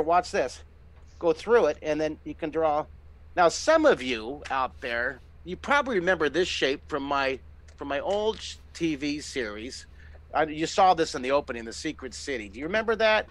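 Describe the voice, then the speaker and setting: A middle-aged man hosting a live online drawing lesson, giving excited, encouraging step-by-step instructions as he sketches. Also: on the high side, moderate pace, no echo. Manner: enthusiastic, encouraging, exclamatory. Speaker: drawing teacher and host.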